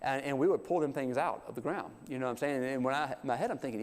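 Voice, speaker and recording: A man preaching a sermon in a folksy, animated way, acting out the quotes he tells. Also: medium pitch, quick pace, hardly any pauses. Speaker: pastor. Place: church sanctuary. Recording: long hall reverb.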